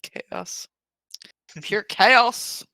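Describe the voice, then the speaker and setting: A woman playing a tabletop game, asking the game master questions and dropping wry, quick asides. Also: a little high, creaky, pushed and bright, no room sound, poor audio. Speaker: player.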